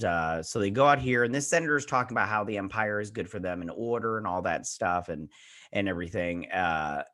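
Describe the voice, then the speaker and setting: A man's voice: on the low side, a bit bright. A man hosting a review show, recapping an episode in a loose, rambling way full of fillers and paraphrased quotes.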